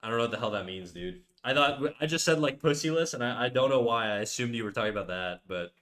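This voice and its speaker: A man's voice: mid-range voice, animated, fast, fairly bright tone. A young man chatting casually on a live stream, joking crudely and rambling with frequent restarts. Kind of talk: casual livestream chat. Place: home room.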